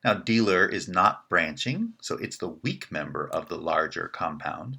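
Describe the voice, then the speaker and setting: A man giving a recorded linguistics lecture, explaining in a measured way and often checking in with "right?". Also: low voice, very animated, vocal fry, sharp tone, breathy edge.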